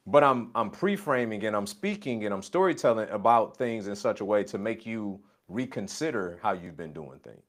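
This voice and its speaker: A man's voice: fairly low pitch, lively intonation, normal speed, hardly any pauses. A man coaching a colleague in a casual conversation, emphatic and repeating his catchphrases. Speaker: business coach.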